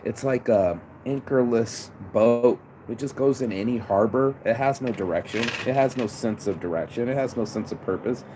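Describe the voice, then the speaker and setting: A motivational vlogger delivers a casual, profane, preachy rant outdoors beside a busy road, calling the listener "bro." His voice is medium-pitched, his pace moderate with few pauses, and loud traffic noise runs behind him.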